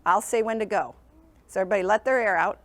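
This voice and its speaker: A woman's voice: mid-range voice, fast talker, dry recording. A woman presenting a sleep program in a school classroom, talking to young children in an encouraging, sing-song teacher manner and often checking in with them.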